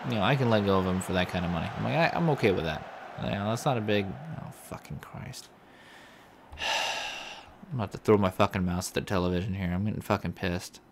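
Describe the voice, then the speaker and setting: Male let's-play host, low-ish voice, irritated, rambling, curses constantly, background hiss on the track. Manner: frustrated, swears a lot, rambling. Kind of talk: casual gameplay commentary. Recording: audible background noise.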